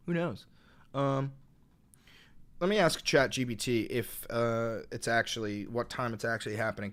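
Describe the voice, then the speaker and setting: A man live-streaming and reacting to his chat, excitable and profane, bursting into shouts and repeating words in rapid strings. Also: medium pitch.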